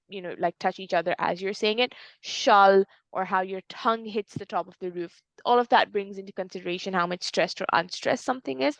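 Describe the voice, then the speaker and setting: In an online lesson, a woman tutor patiently explains a poem, using some fillers and restarts. Her medium-pitched voice is creaky, with no room sound.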